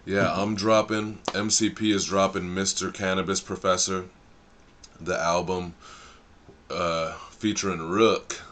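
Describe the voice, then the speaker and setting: Deep-voiced man hosting a rambling live stream. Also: flat delivery, measured pace, fairly bright tone, slight background noise. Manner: rambling and easily sidetracked, thinking aloud; loose slang-filled talk. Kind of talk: casual live-stream chat.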